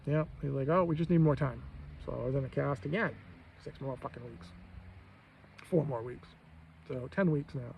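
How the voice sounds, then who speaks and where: Gravelly, profane man ranting. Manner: profane, aggrieved, quotes others in his own voice. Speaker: vlogger. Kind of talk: angry personal rant. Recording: muffled low-fi audio with faint background noise.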